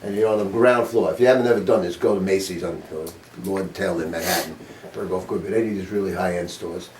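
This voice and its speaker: Quick-paced and low, with a slightly mellow tone, an older man bluntly quizzes his saxophone students in a music studio, swearing as he goes. A distant mic gives a roomy sound, plus a little hiss or hum.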